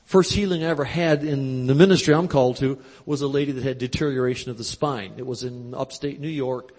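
A man preaching at a live convention, telling a story with quoted dialogue in a folksy, animated way, on a handheld mic. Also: medium pitch, fairly quick. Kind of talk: storytelling sermon. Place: large church convention hall. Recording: live hall recording with long reverb.

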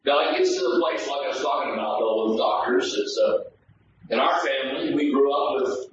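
A man's voice: mid-range voice, expressive, normal speed, a little hiss or hum. A pastor with a drawl teaches Bible study to his congregation, slipping in jokes and calling for replies. His voice rings through a large, echoing sanctuary. It is picked up from a distance, and the sound is muffled and dull. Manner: folksy, joking, asks the congregation for responses. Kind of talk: conversational sermon. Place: church sanctuary.

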